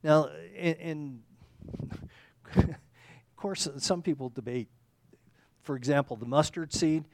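A man's voice: on the high side, slow pace, pauses often, darkish tone, slight background noise. A man preaching a conversational sermon, rambling and correcting himself, often checking in with "okay?". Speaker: pastor.

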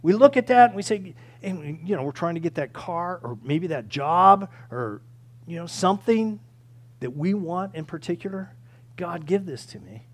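Male preacher, fairly high voice, emphatic delivery that swings between loud pleas and hushed lines. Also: animated, normal speed. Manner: earnest, emphatic, acts out quoted pleas. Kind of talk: sermon.

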